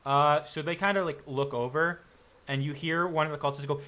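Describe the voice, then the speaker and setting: A man narrating a tabletop game as game master, casual and halting, full of fillers. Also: a little high, steady tone, bright, forceful tone.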